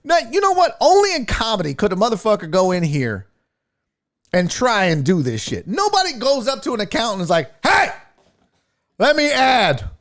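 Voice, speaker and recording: A male podcast host telling a profane story in a casual, animated way, swinging from low mutters to loud outbursts. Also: fairly quick. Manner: animated, swings between muttering and near-shouting.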